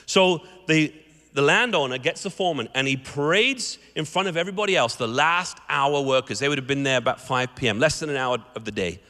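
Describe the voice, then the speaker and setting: A man's voice: on the high side, a little fast. A man giving a sermon as a guest preacher, telling stories animatedly and acting out the characters in them. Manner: animated storytelling, acts out the characters. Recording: echoey hall reverb.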